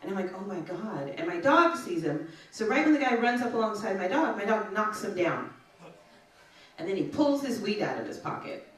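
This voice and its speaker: A woman's voice: medium pitch, big pitch swings, moderate pace, fairly bright tone. A woman stand-up comedian telling chatty stories and bantering with the audience, recorded on a comedy club stage. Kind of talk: stand-up set with crowd work. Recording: echoey club, distant mic, audience laughter.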